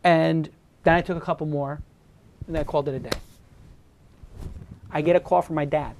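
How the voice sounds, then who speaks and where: A man's voice: on the high side, fairly even intonation, moderate pace, creaky, darkish tone, slight background noise. A man from New York hosting a talk show, telling a personal story in an earnest, emotional way with frequent restarts. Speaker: host. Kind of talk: casual chat.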